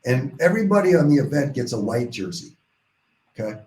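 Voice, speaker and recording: Male podcast guest, mellow tone, animated rambling storyteller, echoey room. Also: mid-range voice, fairly quick. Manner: animated, rambling storytelling with many restarts and quoted dialogue. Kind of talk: casual storytelling in a podcast interview.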